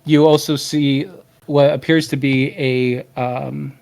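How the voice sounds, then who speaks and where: A man's voice: mid-range voice, level tone, slow, vocal fry, darkish tone. A man narrating as game master, hesitant and full of filler words.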